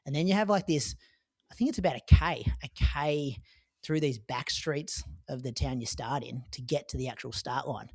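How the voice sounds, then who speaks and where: A man's voice: medium pitch, moderate pace, darkish tone, dry recording, studio quality. Australian man telling a race story. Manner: chatty storytelling with frequent "like" and "um". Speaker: podcast co-host recounting a marathon. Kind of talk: casual podcast chat.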